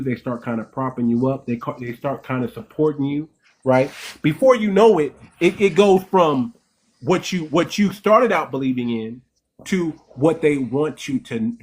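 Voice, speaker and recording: A man hosts a commentary monologue in a slightly raised, lively register. He lectures emphatically and repeats and restarts phrases as he builds each point. He keeps checking in with short tag questions. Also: fairly high pitch. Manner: explains in a lecturing tone, asks "right?" and "okay?". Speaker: host.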